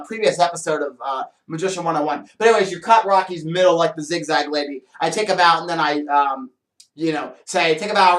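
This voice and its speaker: In an echoey small room fitted with a counter and shelves, a high-voiced male magician hosts a relaxed magic tutorial. His tone is a bit bright, and he chats and rambles, dropping plenty of fillers and playful asides.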